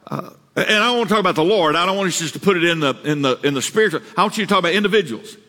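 Earnest pastor in a reverberant hall. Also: male voice, high voice, rapid-fire, sharp tone. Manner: earnest, repeats words and rises for emphasis. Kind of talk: sermon. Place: church sanctuary.

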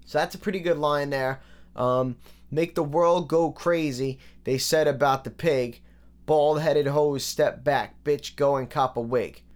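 A man talks through rap lyrics in a relaxed, analytical way, dropping fillers as he goes. His voice is clean and smooth and sits slightly high for a man. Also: unhurried. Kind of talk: casual breakdown commentary.

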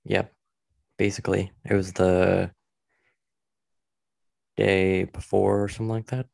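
A man casually chatting about the album's songs, hesitant and relaxed, with many fillers. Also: low voice, measured pace, creaky, no room sound. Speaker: musician co-host discussing the album. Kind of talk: casual chat.

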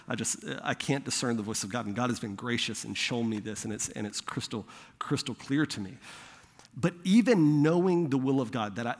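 A young adult man, a pastor, telling a personal story in a sermon in a conversational way, acting out the voices of the people he quotes. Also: mid-range voice. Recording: long hall reverb.

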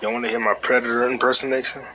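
A man hosting his own podcast in loose, profane, slangy chat, with excited bursts and quiet mutters as he reads comments. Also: mid-range voice, racing, a crowd in the background. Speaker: podcast host. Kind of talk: casual solo podcast chat.

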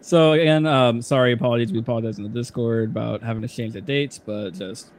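A man's voice: mid-range voice, fast, a little hiss or hum. A man hosting a casual podcast, talking in a loose, chatty way with frequent laughs, fillers and restarts. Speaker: podcast host.

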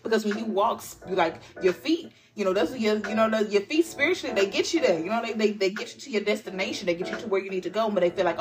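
Woman tarot reader, mid-pitched, loose and chatty, swears freely and repeats herself for emphasis. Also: fast, hardly any pauses, rough recording. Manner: chatty and profane, addresses listeners as "y'all" and "honey bunnies". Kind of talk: casual tarot reading monologue.

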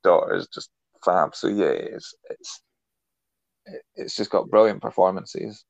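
A man co-hosting a film podcast, speaking in a low, gravelly voice. He chats in a relaxed, keen way. The recording is dry and dull, with a lo-fi sound. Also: unhurried, no room sound. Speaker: podcast co-host. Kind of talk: casual film discussion.

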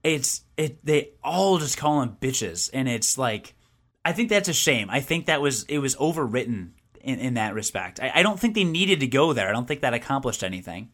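Animated, opinionated man chatting. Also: mid-range voice, moderate pace. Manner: animated, opinionated, lots of restarts. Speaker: podcast co-host. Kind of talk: casual chat.

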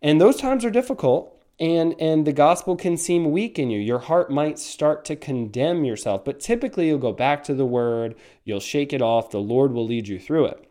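A man's voice: fairly high pitch, lively intonation, normal speed, hardly any pauses, warm tone. A man preaching a sermon in an earnest, emphatic way, often restarting his phrases.

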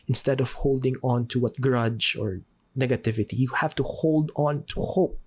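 A man speaks earnestly as a podcast host, urging listeners toward hope and faith. His voice is slightly husky, and he slows down for dramatic pauses on the key lines. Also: mid-range voice, a little mellow. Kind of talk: inspirational faith talk.

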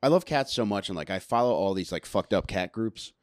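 A man's voice: lowish voice, animated, fairly quick, no echo, clean studio sound. A man, a guest on a comedy podcast, rambling and crude with lots of fillers. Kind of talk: casual comedic chat.

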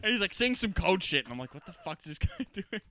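Bright-voiced young man telling crude stories. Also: high-pitched, fast. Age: young adult. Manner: crude, animated storytelling with laughter. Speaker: podcast co-host. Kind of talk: casual chat.

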